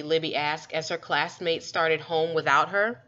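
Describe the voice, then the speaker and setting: A woman reading a children's story aloud with expressive, lively storytelling. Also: deep voice, a little slow. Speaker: storybook reader. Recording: dull lo-fi recording.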